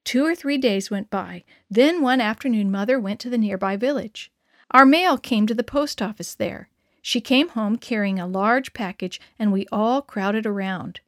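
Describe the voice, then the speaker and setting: Gentle woman storyteller for children. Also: medium pitch, normal speed, dry recording, clean studio sound. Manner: gentle, warmly addressing children. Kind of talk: reading a story aloud to children.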